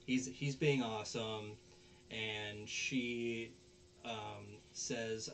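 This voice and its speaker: A man's voice: on the low side, flat delivery, very slow, fairly bright tone, a little hiss or hum. A man hosting a podcast, casually recapping an anime episode with lots of fillers and restarts. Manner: rambling, many fillers and restarts. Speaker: podcast host.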